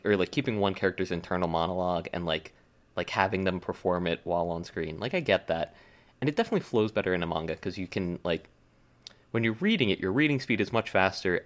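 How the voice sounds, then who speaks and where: Deep-voiced man rambling in casual chat. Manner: rambling, full of "like" and restarts, animated. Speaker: podcast co-host. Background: desk smacking.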